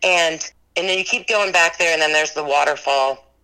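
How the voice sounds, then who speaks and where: A woman's voice: low-pitched, normal speed, sharp tone, poor audio. A woman who runs a ghost tour business, earnestly recounting her paranormal experiences in an interview and rambling with lots of "like" and "you know".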